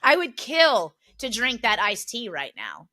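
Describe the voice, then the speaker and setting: Woman, podcast co-host, casual chat, animated, bright tone. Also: fairly high pitch, unhurried. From Philadelphia area. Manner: animated storyteller, laughs often.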